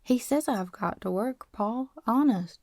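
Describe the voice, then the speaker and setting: A woman's voice: fairly high pitch, expressive, unhurried, darkish tone, no echo, voice pushed up. Woman doing an eager, pleading rich boy. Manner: pleading, raised boyish tone.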